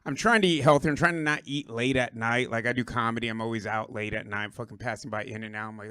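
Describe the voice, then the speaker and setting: A hoarse Puerto Rican-born man doing a rambling, profane stand-up set on a club stage, riffing with the crowd. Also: mid-range voice, fast, hardly any pauses, sharp tone, no echo. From Puerto Rico. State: hoarse, lost his voice. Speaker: stand-up comedian.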